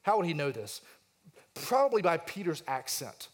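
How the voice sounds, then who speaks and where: High-voiced man preaching a sermon. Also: sing-song, moderate pace. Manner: expository preaching, acting out quoted lines with rising intensity; asks the congregation questions. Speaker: pastor.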